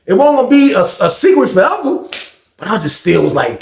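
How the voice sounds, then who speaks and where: A man telling a story in a casual, animated, slangy way, with plenty of swearing. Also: sits high, moderate pace, vocal fry. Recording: echoey room.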